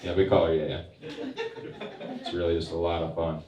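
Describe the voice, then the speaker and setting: A young man performing a stand-up comedy set, telling stories in a wry, deadpan way with sarcastic asides. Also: low voice, normal speed, highs cut off, a loud crowd. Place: comedy club stage. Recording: echoey room picked up from a distance.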